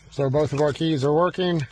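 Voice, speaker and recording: Guy in a car talking thru key programming, kinda high voice, fake panicky oh-no bits, faint hiss. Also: gravelly, darkish tone. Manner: exaggerated mock panic, fretful exclamations. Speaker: automotive locksmith demonstrating key programming. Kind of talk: hands-on demonstration with mock panic. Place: inside a car.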